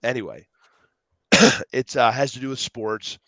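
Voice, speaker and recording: A man speaking as a podcast guest in a mid-range voice, animated and talkative. He acts out the people in his stories and drifts between tangents. The sound is dry, with no room echo. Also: medium pitch, a little slow. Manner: rambling, jumps between tangents. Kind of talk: casual storytelling interview.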